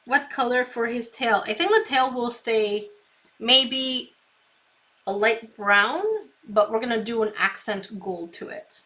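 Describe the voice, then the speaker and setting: Female craft streamer, chatty, giggly, slow pace, bright tone. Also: on the high side. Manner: chatty, talks to herself, giggles often; reads viewer comments aloud. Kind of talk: live painting tutorial chat.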